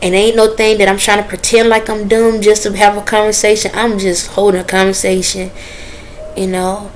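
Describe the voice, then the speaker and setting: A woman talking straight to her viewers in a casual, earnest and preachy way, with relaxed dialect grammar. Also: mid-range voice, slight background noise, low-quality recording. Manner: dialect grammar, drawn-out phrasing. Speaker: vlogger. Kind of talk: casual direct-to-camera talk.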